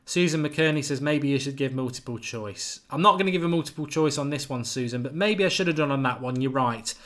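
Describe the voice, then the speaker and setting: A man hosts a live football quiz stream. He chats casually and reels off viewers' names and answers at a quick clip. His voice sits at an ordinary middle pitch. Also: a bit bright. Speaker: football channel host running a live quiz. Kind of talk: live-stream chat reading viewer comments.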